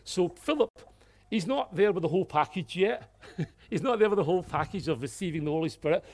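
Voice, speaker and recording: A man preaching a sermon, swinging from hushed, earnest passages to loud exclamations, with light-hearted asides. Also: sits high, expressive, fairly quick. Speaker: pastor.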